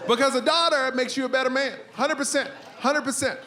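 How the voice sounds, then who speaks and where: A man performing an animated stand-up comedy routine on a live stage, bursting out loudly on punchlines. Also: very high voice, a little fast, a crowd in the background. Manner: animated storytelling, loud outbursts for punchlines. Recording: live stage recording with audience noise.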